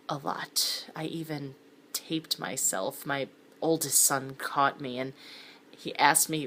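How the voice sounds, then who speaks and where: A middle-aged woman narrates a thriller web series in scripted first person, tossing in wry, sardonic asides and sometimes dropping to a whisper. Her voice sits low and a bit bright at a measured pace, with slight background noise.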